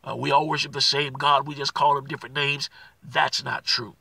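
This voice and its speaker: A man's voice: medium pitch, level tone, normal speed, vocal fry, bright, forceful tone, husky, no room sound, far from the mic. A male minister delivering a sermon, who repeats phrases and builds to emphatic declarations. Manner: preacherly, rises to emphatic declarations; repeats phrases, frequent uh fillers.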